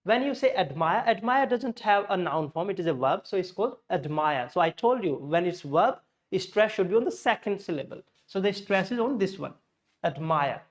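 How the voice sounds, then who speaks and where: Teacher explaining stress rules. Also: male voice, sits high, animated, brisk, hardly any pauses. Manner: explains step by step with Hindi glosses, self-corrects. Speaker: English teacher. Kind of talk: classroom lesson.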